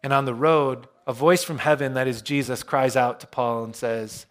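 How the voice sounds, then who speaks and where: A male pastor preaching a sermon, retelling scripture in a relaxed, storytelling way with self-deprecating humor. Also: mid-range voice, normal speed, hardly any pauses.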